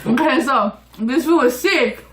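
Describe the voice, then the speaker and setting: A woman's voice: high voice, unhurried, poor audio. A woman telling a couple's story in a brash, teasing way, swearing freely. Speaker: vlog co-host.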